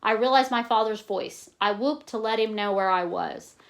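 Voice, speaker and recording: A woman reading a novel aloud in a plain, steady way, stopping now and then to explain in casual asides. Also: on the high side, moderate pace. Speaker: reader.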